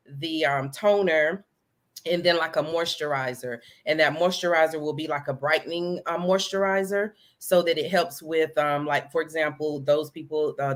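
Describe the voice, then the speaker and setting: Woman entrepreneur with a catching throat. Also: low-pitched. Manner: animated, repeats "you know" and "right?", speaks to the audience as "y'all". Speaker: guest entrepreneur. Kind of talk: casual live interview.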